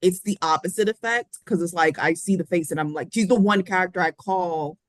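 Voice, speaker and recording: A woman's voice: on the low side, fairly quick, no room sound. A woman co-hosting a podcast, talking casually and rambling, often correcting herself mid-sentence. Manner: rambling, self-correcting, animated storytelling. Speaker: podcast co-host. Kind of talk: casual pop-culture chat.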